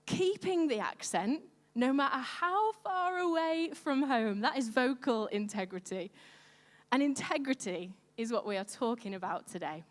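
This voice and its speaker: A woman preaching a sermon in a lively, conversational way. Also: sits high, measured pace. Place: church hall. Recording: echoey church hall.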